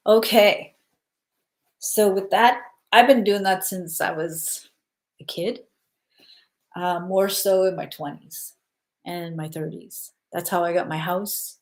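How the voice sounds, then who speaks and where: A woman hosting a casual spiritual stream, guiding listeners through breathing and giving gentle advice, often checking in with "okay?". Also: fairly low pitch, takes it slowly, long pauses. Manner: soothing, repeats "okay?" to check in. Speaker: spiritual live-stream host. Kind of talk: casual guided spiritual talk.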